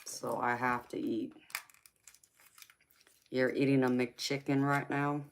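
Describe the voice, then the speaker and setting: A woman's voice: very deep voice, level tone, slow pace, slight background noise. A woman hosting a casual livestream, chatting with her viewers, laughing often and calling them honey and sweetheart. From United States. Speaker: livestream host.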